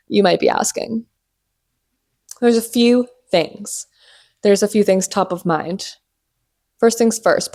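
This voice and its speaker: A young woman hosting her own podcast, chatting casually and playfully, cursing freely and teasing through drawn-out asides. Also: fairly low pitch, a little mellow. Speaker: podcast host. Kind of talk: casual solo podcast chat.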